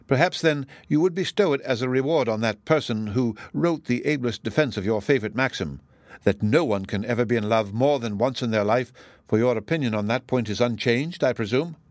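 A man's voice: medium pitch, brisk, no echo, lightly acted. Reserved young gent, teasing and wry, mid voice, guy reading, dry close sound. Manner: wry, gently mocking. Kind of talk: audiobook character reading.

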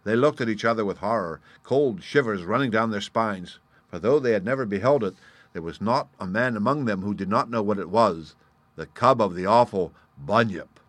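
A man reading a folk tale aloud as an audiobook narrator, in a measured, expressive storytelling manner. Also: on the low side, no room sound. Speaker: audiobook reader.

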